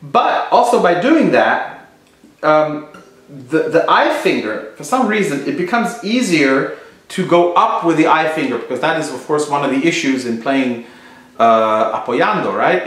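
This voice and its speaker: A man's voice: fairly high pitch, lively intonation, a little slow, a bit bright. A man teaching flamenco guitar technique, explaining thoughtfully and searching for his words. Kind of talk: instructional explanation. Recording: very echoey room.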